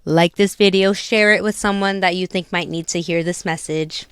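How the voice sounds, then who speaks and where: A woman's voice: lowish voice, steady tone, moderate pace, a bit bright, smooth, no room sound, clean studio sound. A woman co-hosting a casual podcast, talking candidly and earnestly, often retelling her own conversations. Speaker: podcast co-host.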